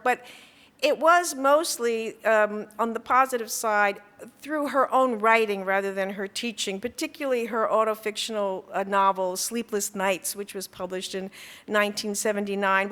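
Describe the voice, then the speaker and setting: At an event, a woman author gives a talk about her writing life, her slightly high, fairly bright voice carried by long hall reverb. She speaks haltingly, pausing often and restarting sentences amid plenty of fillers.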